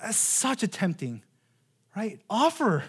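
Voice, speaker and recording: An earnest man in his thirties preaches a sermon. His pitch swings widely up and down, and he slows right down to lean on key phrases, often repeating words as he restarts a thought. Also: wildly swooping pitch, breathy edge. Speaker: pastor.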